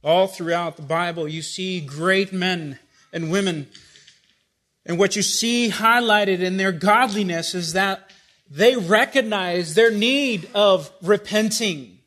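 A man preaching a sermon, reading scripture and asking his congregation rhetorical questions with wide swings in loudness. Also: sits high, slow pace.

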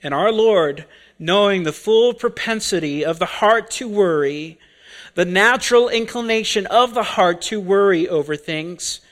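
A man preaching an expository sermon, deliberate and full of rhetorical questions. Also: high-pitched, fairly bright tone.

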